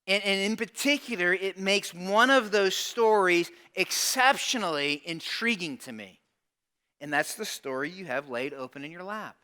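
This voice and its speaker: A man delivers a sermon in a relaxed, conversational storytelling manner. His voice sits high and sounds bright and forceful, and he swings from loud exclamations to quiet, hushed asides. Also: normal speed, clean tone. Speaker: pastor.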